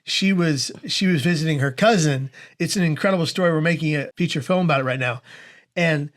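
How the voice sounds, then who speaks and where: A man's voice: on the high side, fairly quick. A man in his forties, a guest on a podcast interview, telling his story with humor, often laughing and acting out voices. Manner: animated, humorous storyteller who laughs through his anecdotes; acts out voices in his quoted dialogue. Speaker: guest speaker.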